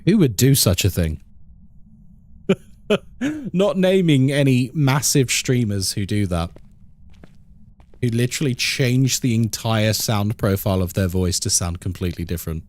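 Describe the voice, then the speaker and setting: A man's voice: on the low side, animated, a little slow, long pauses, a little mellow. A man from England chatting casually on a live game stream, reading out chat and laughing often.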